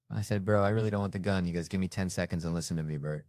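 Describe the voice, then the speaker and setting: A man with a fairly low voice spins rambling, profane comic anecdotes and voices the other people in them. The sound is dry and close, with almost no room in it. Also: very fast, a little mellow, no echo. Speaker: comedian telling stories. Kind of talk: stand-up storytelling.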